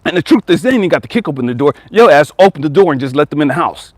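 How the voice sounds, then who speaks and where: A man's voice: on the high side, animated, racing, no echo. Blunt, profane preachy man, dry close sound. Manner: blunt, profane, preachy, mimics whiny voices. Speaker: life coach. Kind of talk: profane motivational rant.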